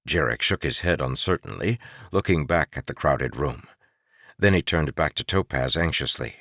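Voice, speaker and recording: A man narrates a fantasy novel in a steady storytelling manner. His voice is deep, with plenty of movement in pitch. The recording is close and dry. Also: normal speed, dry recording. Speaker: audiobook narrator. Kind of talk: scripted narration.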